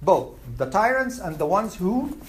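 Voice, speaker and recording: A religious teacher giving a classroom lecture, animated and quizzing the students as they go. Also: medium pitch, unhurried. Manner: animated, asks the class questions.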